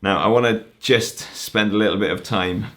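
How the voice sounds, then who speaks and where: A man's voice: on the low side, normal speed, a bit bright. A man giving a conference talk that explains Welsh poetry, breaking words down patiently syllable by syllable. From Wales. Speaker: language teacher.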